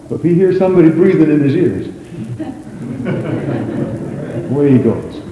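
A man preaching a sermon in an animated, folksy way, with frequent exclamations. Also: fairly high pitch, takes it slowly. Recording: echoey hall with faint noise.

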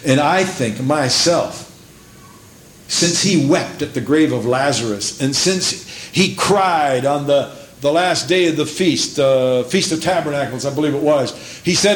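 A man preaching a sermon from the pulpit, moving between low, measured passages and high, fervent stretches, and reading scripture in old-fashioned English. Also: reverberant. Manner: reads scripture in King James English. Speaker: pastor. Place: church sanctuary.

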